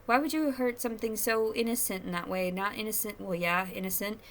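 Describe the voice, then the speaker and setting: Speaking at a medium pitch and a quick clip, this vlogger addresses her camera indoors at home over a slight hiss or hum. Her monologue wanders, swears freely, and confesses a lot.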